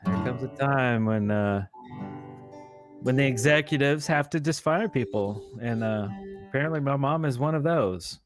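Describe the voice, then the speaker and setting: A man's voice: medium pitch, moderate pace, music in the background. A man co-hosting a casual live show, laid-back and laughing often. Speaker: co-host.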